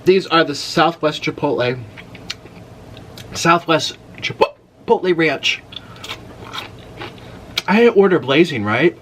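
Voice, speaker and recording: Lively young man, animated eating vlog. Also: fairly high pitch, slow pace, long pauses, a little hiss or hum. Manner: animated, exclaims loudly at spicy food. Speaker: mukbang host. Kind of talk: casual eating vlog chat.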